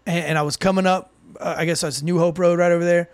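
High, gravelly-voiced man telling stories. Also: fast. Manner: animated, acts out quoted voices, swears freely. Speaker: podcast co-host. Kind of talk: casual storytelling chat.

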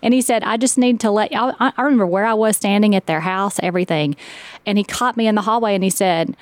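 A woman's voice: mid-range voice, fast, no room sound. A woman co-hosting a podcast, telling a family story in an earnest, casual way. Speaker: podcast co-host. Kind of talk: casual chat.

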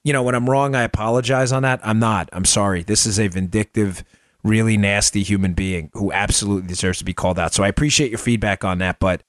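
A man's voice: on the low side, steady tone, quick pace, no echo, studio quality. A man hosting a political commentary podcast, a former federal agent, talking in an emphatic, punchy way with rhetorical questions.

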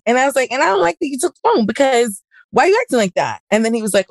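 A woman's voice: high-pitched, very animated, rapid-fire, no room sound. A woman hosting a podcast, chatting casually and acting out both sides of an argument as she tells a story. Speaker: podcast host. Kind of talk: casual chat.

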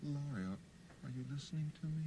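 An actor playing an unhinged male doctor who pleads through a door and then explodes into shouts, from a film clip. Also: a little high, animated, quick pace, noisy background, natural voice. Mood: pleading.

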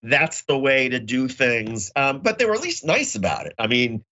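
A man's voice: medium pitch, big pitch swings, moderate pace, sharp tone, lo-fi sound. A man co-hosting a casual podcast chat over a remote call, telling stories and acting out the people he quotes. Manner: storytelling, acts out quoted voices. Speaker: co-host.

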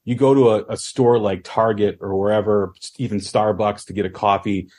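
A man hosting a podcast, asking questions in a measured, thoughtful way. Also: lowish voice, fairly even intonation, darkish tone. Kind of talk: casual podcast conversation.

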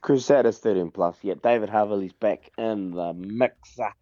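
Relaxed New man on a dull phone line. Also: on the low side, moderate pace, no echo. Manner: relaxed, chatty, mimics people in his stories. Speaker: golfer calling in as guest. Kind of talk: casual chat on a phone call.

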